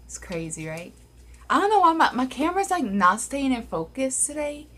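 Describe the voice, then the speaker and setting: A young paranormal vlogger from Louisiana, USA tells a ghost story in a casual video shot on her phone camera, rambling with many fillers. Her voice sits high, very animated and a bit bright, at a normal speed, with slight background noise.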